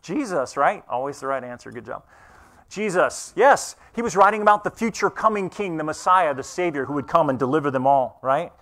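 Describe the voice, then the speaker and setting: A pastor preaching a conversational sermon in church, earnest and asking the congregation questions. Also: male voice, a little high, expressive, fairly quick, a bit bright.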